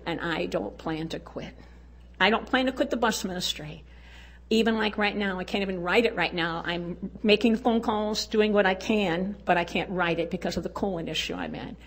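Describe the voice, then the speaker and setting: At a women's conference held by a church, an older woman delivers an exuberant, folksy testimony talk, encouraging and rallying the audience. She speaks at normal speed with a medium-pitched voice.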